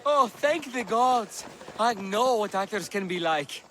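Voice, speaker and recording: An actor playing an excitable, theatrical male playwright. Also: high voice, a little slow, a little hiss or hum, heavily acted. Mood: excited.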